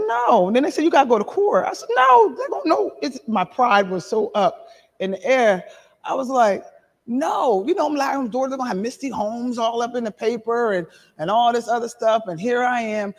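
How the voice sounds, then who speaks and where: A middle-aged woman pastor preaching a sermon and giving her testimony, animated, shouting and laughing between lines. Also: medium pitch. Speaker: apostle and pastor. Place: church sanctuary. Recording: reverberant hall.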